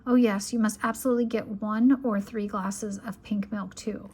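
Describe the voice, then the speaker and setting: A woman's voice: medium pitch, steady tone, normal speed, a little mellow, slightly rough, close to an everyday voice. A woman reading aloud, voicing a chatty, stubborn little girl who speaks in a matter-of-fact, insistent way.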